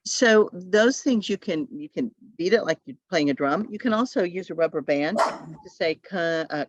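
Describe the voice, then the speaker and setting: A woman's voice: fairly low pitch, animated, measured pace. A woman leading a training session for adult language teachers over a video call, often acting out sounds and how students speak. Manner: demonstrates sounds, models student speech. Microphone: video call audio. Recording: dull, dry video call audio.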